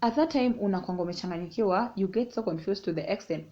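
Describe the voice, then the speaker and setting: A woman's voice: mid-range voice, fast talker, mellow. A young woman telling a story casually and animatedly, mixing English and Swahili. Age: young adult. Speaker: vlogger. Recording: dull lo-fi sound.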